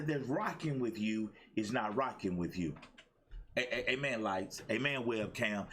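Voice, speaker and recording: A man hosting a live-streamed motivational show, preaching with excitement, repeating his lines for emphasis and greeting viewers by name. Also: mid-range voice, unhurried, husky. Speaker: host of a daily motivational show.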